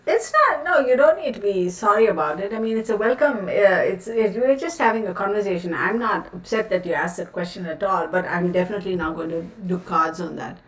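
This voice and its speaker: Her voice is medium in pitch with lively intonation, and she talks a little fast with few pauses. A tarot reader hosting a livestream, she chats casually but rants outspokenly and with exasperation, using many fillers. It's recorded on a distant mic with a roomy sound.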